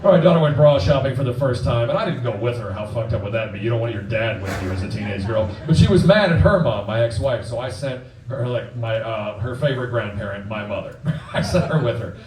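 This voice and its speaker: A man's voice: mid-range voice, darkish tone, slight background noise. Brief: male stand-up comic in his forties, crude and punchy, heard from a distance in a roomy club with a laughing crowd. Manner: crude, punchy, acts out quick voices. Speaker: stand-up comedian. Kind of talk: stand-up comedy set. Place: comedy club stage before a live audience.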